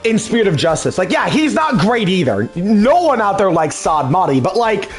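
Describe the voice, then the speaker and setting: An excitable young man rants through casual let's play commentary, swearing freely. His voice is high and swings widely in pitch. Faint music plays behind him. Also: normal speed. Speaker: let's play host dubbing a game.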